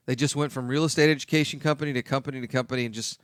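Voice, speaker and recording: A man hosts a talk radio show, speaking emphatically and repeating his key points. His voice is fairly high and fairly bright, with lively intonation and a fast delivery, recorded in clean studio sound with no room echo.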